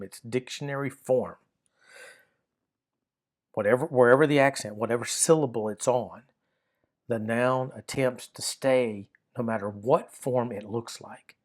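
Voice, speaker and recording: A man teaching a recorded grammar lesson, explaining patiently and often repeating words and saying "uh" and "um". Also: medium pitch.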